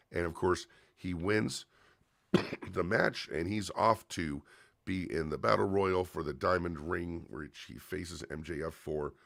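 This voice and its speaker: A man's voice: deep voice, creaky, fairly bright tone, dry recording, clean studio sound. A man hosting a livestream, casually reviewing a wrestling show in a chatty, opinionated way with frequent fillers and restarts.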